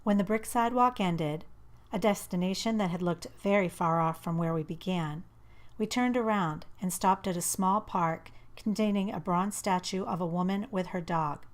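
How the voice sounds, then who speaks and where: In a lowish voice, a woman reads a first-person novel for an audiobook. Her delivery is intimate, measured and expressive.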